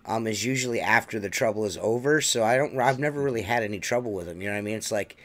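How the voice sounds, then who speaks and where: A man hosting a casual podcast, who laughs often and chimes in with quick agreement. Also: lowish voice. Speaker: podcast host.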